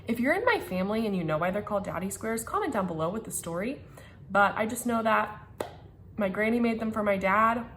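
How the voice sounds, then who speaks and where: A young woman chatting casually to her handheld camera at home, excitable and a little stuffy from a sinus infection, with laughs and whispered asides. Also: mid-range voice, a little fast, slight background noise. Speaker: vlogger. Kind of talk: casual vlog chat to camera. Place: at home, in a house. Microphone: handheld camera filming herself.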